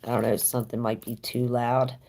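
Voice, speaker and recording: A woman's voice: a bass voice, little pitch movement, brisk, mellow. A woman giving a casual live-stream tarot reading, chatting with viewers and answering their comments aloud. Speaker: tarot reader.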